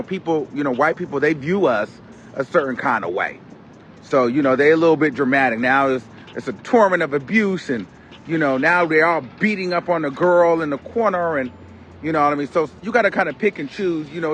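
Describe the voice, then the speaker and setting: A man giving a casual, animated commentary, retelling events dramatically and with loud exclamations. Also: fairly high pitch, brisk, a little hiss or hum. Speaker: commentary host.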